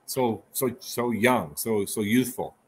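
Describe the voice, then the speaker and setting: A man co-hosting a casual chat about church talks, talking in an enthusiastic, rambling way and agreeing quickly with his partner. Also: on the low side, husky. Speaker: podcast co-host.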